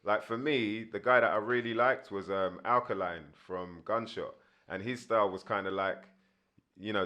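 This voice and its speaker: Low-voiced man telling stories. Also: moderate pace, pushed and bright. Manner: rambling with many fillers. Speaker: guest rapper. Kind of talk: casual storytelling interview.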